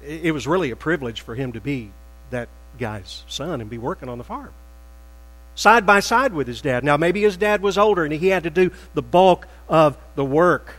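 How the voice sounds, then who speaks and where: Animated preaching man in a reverberant hall. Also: on the high side, normal speed. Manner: emphatic, animated preaching with rising bursts and quoted voices. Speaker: pastor. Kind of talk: sermon.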